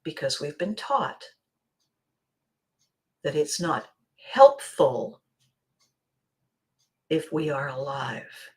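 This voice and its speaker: Expressive woman, dramatic soft drops. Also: sits low, extremely slow, long pauses. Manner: expressive, acts out scenes, drops to soft near-whisper. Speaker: podcast host. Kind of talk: motivational monologue.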